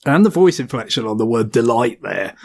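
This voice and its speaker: A male co-host chats casually on a podcast, breaking off and restarting his sentences and laughing often. His voice is mid-pitched. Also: expressive, brisk, gravelly, a little mellow.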